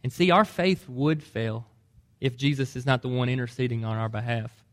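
A man's voice: medium pitch, normal speed. A man preaching a sermon, earnest and emphatic, pressing hard on key points. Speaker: pastor.

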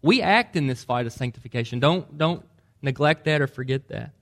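A man's voice: medium pitch, lively intonation, a little fast, a bit bright. A man preaching a sermon, earnest and emphatic, pressing hard on key points. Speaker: pastor.

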